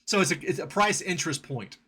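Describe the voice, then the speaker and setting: A man hosting a podcast, casually explaining trading basics in an animated, storytelling way. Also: a little high, fast, husky. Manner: storytelling, animated with sound effects and quoted voices.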